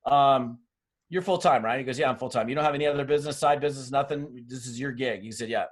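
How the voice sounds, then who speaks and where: Heard through a webinar mic, a middle-aged man trains network marketers in a blunt, tough motivational talk. His medium-pitched voice moves fast as he tells stories and acts out the dialogue.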